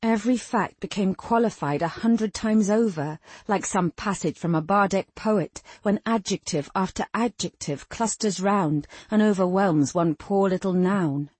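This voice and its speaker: A woman narrating a fantasy novel in an even, measured storytelling manner. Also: mid-range voice, slightly rough, no echo. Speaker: audiobook narrator. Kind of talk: scripted narration.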